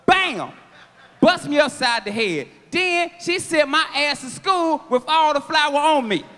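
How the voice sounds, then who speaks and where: A man in his thirties doing a stand-up comedy set on a theater stage, loud and animated, shouting his punchlines. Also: very high-pitched, unhurried. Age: 30s. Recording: long theater reverb.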